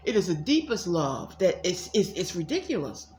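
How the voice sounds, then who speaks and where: A psychic tarot reader from DC talks her viewers through a casual reading at home, calling them y'all, rambling and repeating herself. Her fairly low, a little mellow voice, also said to sit mid-range, is very animated at normal speed, with noticeable room echo over a faint hum.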